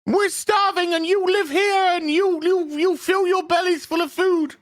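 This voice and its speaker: A man putting on a high, shouty voice as an angry, starving attacker. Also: fairly even intonation, a little slow, no room sound, studio quality. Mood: indignant. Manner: shouty, mocking.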